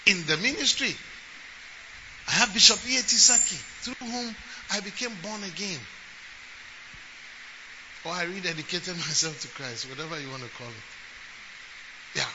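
A man preaches in a strikingly high voice, swinging from conversational storytelling into forceful, shouted emphasis. The sound is muffled and lo-fi, with a clear wash of noise behind him. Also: normal speed, long pauses. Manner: emphatic preaching, rising to shouts and acting out quotes. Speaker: bishop and preacher. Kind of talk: sermon. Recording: lo-fi with steady background noise.

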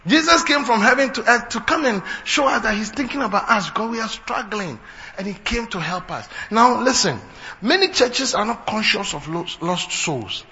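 A man preaching a fiery sermon, building to shouts. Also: high-pitched, animated, moderate pace, long reverb tail. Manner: fiery, rising to shouts, mixing in local phrases. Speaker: pastor. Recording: dull lo-fi recording with faint noise.

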